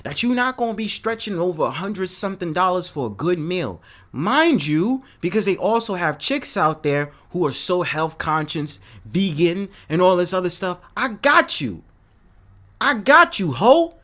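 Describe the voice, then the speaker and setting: Animated New man ranting. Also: sits high, normal speed. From New York City. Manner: animated, profane, addresses chat viewers by name. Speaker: host. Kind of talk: casual live-stream rant.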